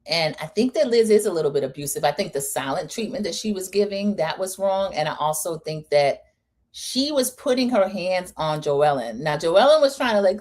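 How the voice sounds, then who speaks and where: A woman's voice: mid-range voice, normal speed. Chatty woman recapping reality TV. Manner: chatty, opinionated, animated quoting of cast members. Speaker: host.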